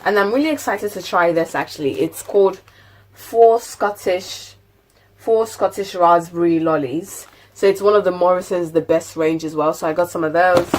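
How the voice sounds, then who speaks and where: Chatty woman, low voice. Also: fast, few pauses, a little mellow. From United Kingdom. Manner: chatty, rambling, lots of fillers. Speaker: lifestyle vlogger. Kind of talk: casual grocery haul chat. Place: at home.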